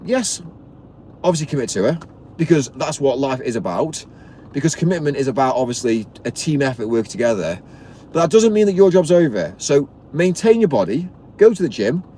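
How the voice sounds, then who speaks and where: A man's voice: medium pitch, big pitch swings, a little fast, warm tone, slight background noise. A man ranting bluntly on a live stream, preachy and swearing, stumbling and repeating words as he goes. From Britain.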